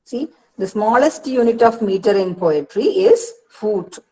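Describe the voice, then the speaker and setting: A woman with an Indian English accent explains poetry step by step in an online counselling lecture, speaking deliberately slowly, often saying "see" and repeating herself. Her mid-range voice is expressive and mellow with a breathy edge. The audio is poor.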